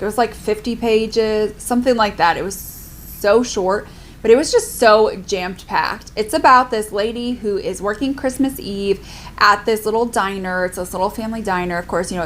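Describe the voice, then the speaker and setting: A woman's voice: medium pitch, fairly bright tone, a little hiss or hum. A young adult woman chatting casually in a book review vlog, filling her talk with "like". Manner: chatty, lots of "like" fillers. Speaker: book vlogger.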